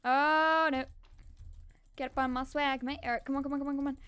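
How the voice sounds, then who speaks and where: A young woman giving casual, excitable commentary on her own gameplay and repeating words fast when tense. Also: sits high, dry recording. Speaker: gaming channel host.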